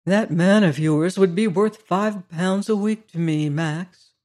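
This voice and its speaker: A reader voicing a brisk, genial gentleman detective who speaks quickly and heartily. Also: mid-range voice, lightly acted.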